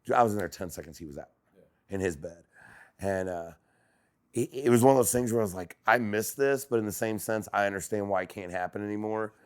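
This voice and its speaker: A man on a podcast as a guest, chatting casually and telling animated stories, acting out quotes. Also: lowish voice, a little fast, clean tone. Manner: animated storyteller who acts out quotes.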